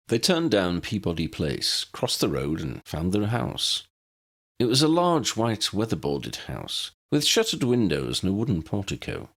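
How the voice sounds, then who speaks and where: A man reading a fan-written novel aloud as an audiobook narrator, with a steady storytelling delivery. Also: low voice, normal speed, gravelly, breathy edge. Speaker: fanfiction audiobook reader.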